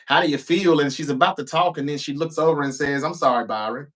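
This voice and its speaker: A man's voice: a little high, fairly even intonation, quick pace. Chatty man recapping wrestling. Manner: chatty, retelling scenes with offhand asides. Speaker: wrestling show reviewer. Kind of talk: casual recap commentary.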